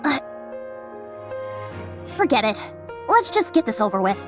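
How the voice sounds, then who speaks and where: A woman's voice: fairly high pitch, sing-song, a little slow. An actress voicing a weary young woman former pop star who talks in a tired, resigned way. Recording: game dialogue over music.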